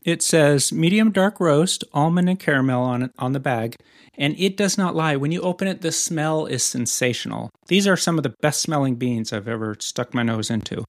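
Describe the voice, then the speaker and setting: A man's voice: a little high, normal speed, no room sound, clean studio sound. A man co-hosting a podcast in casual chat, teasing his friend and rambling playfully as he talks. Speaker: podcast co-host.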